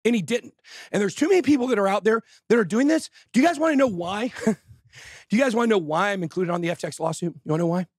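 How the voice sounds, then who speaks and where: A man hosting a live show, ranting loudly and exasperated, often shouting. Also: high voice, very fast, dry recording. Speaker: show host. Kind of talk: heated rant on a live show.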